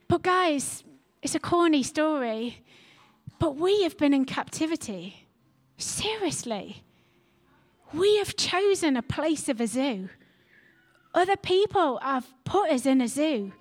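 A woman pastor delivers a sermon in a high voice. She speaks earnestly and leans on repeated phrases to rally her church. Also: big pitch swings, takes it slowly. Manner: earnest, repetitive exhortation.

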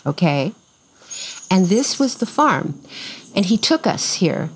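Older woman, lively rambling storyteller. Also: on the low side, slow, slight background noise, rough recording. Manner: lively, acts out quoted voices, rambling restarts. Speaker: farm owner telling her story. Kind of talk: casual storytelling interview.

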